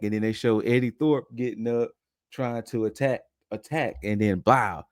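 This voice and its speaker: On a podcast, a young adult co-host recaps wrestling in a relaxed, chatty manner, slipping into quoted lines in passing. He has a medium-pitched voice and a moderate pace, captured in a dry recording.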